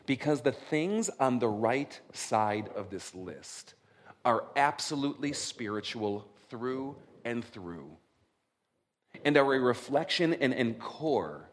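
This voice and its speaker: A middle-aged male pastor preaching a sermon in an animated, conversational way, often checking in with his listeners. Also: medium pitch. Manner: conversational, animated, frequent "right?" check-ins.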